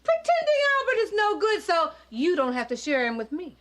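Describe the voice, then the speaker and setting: An actress playing an excitable, showy woman neighbor in a studio sitcom who puts on airs. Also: very high-pitched, brisk, heavy background noise, heavily acted. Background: studio audience laughter.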